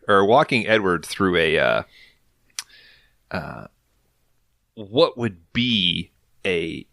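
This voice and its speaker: A man hosting a podcast, recapping an episode in an animated, casual storytelling way with a lot of swearing. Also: sits low, gravelly, dry recording, clean studio sound. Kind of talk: casual chat.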